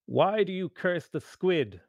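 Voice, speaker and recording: A man's voice: high-pitched, expressive, takes it slowly, creaky, darkish tone, no echo, muffled recording, voice pushed up, heavily acted. A man playing a smug, greedy wizard. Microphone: online voice call.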